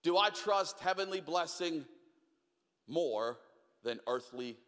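A young man preaching a sermon, telling a story with acted-out voices, then dropping to quiet questions. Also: a little high, lively intonation, slow. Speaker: pastor. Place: large church hall. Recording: long hall reverb.

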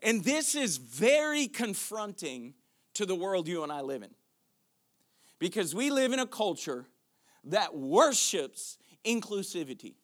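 A man pastor preaching a sermon, moving from quiet questions to loud, shouted declarations. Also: high-pitched, sing-song, a little slow.

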